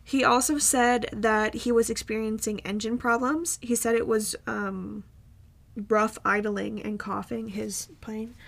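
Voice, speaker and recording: A woman's voice: fairly high pitch, steady tone, unhurried, gravelly, fairly bright tone. A woman co-hosting a podcast, telling a story in casual chat, rambling with frequent ums and restarts. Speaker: podcast co-host.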